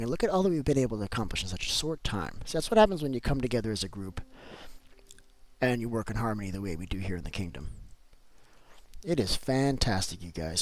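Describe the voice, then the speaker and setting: A man chatting casually with viewers on a live game stream, answering chat and repeating himself as he talks. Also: mid-range voice.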